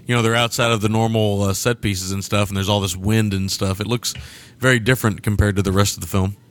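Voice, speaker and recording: Easygoing man with a lowish voice. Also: fairly even intonation, quick pace. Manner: easygoing, laughs often, agreeable. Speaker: podcast co-host. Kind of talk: casual film-review chat.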